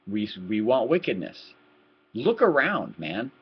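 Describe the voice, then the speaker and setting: A man giving a heated political rant to his webcam, repeating words and swinging from low muttering to loud outbursts. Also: huge pitch swings, unhurried, husky. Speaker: political vlogger. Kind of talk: ranting webcam commentary. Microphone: laptop webcam mic. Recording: lo-fi laptop webcam audio.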